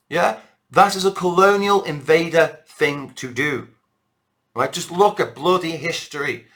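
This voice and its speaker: A man's voice: fairly high pitch, bright, forceful tone. A British man delivering a rambling, impassioned monologue to camera as a political vlogger. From Britain.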